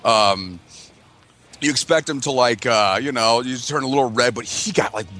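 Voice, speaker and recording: A man's voice: mid-range voice, normal speed, pushed and bright. A man telling a profane party story in a casual chat among friends, full of "like" and "you know". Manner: profane, filler-heavy talk with lots of "like".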